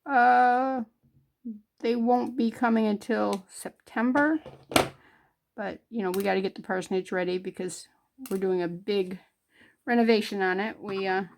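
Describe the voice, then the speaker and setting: A woman's voice: medium pitch, measured pace, gravelly, long pauses. A middle-aged woman from northern New York, hosting a jewelry crafting vlog in a homey, rambling way with many fillers. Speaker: jewelry crafting channel host.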